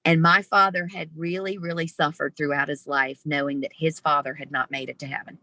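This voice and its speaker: Bright, animated woman storyteller. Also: low voice, a little fast, no room sound. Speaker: interview guest. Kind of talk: storytelling in conversation. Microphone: video call.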